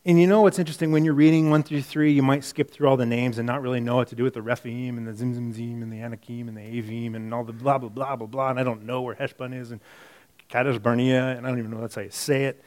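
A man preaching a sermon in a conversational way, reading scripture aloud and moving between quiet, muttered asides and emphatic bursts, often repeating and correcting himself. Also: mid-range voice, steady tone, fast talker. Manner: self-correcting, repeats words. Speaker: pastor.

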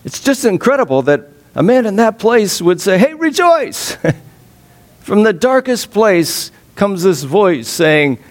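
Expressive male pastor preaching. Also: measured pace, hardly any pauses. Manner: expressive, laughs often, drops low and soft on sad points. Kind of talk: sermon.

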